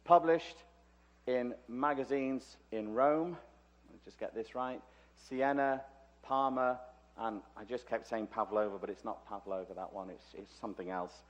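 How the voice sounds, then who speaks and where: British man, conference lecturer, chatty, joking asides, mid-pitched voice, muffled lo-fi sound. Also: fairly even intonation, unhurried. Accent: British English. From Liverpool, England. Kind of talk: conference talk. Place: conference hall.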